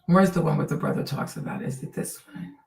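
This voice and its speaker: A woman hosting a live stream, reacting to video clips in an animated, mocking way and tossing in Spanish words. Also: deep voice, fast talker, gravelly. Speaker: streamer host. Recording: roomy, distant from mic.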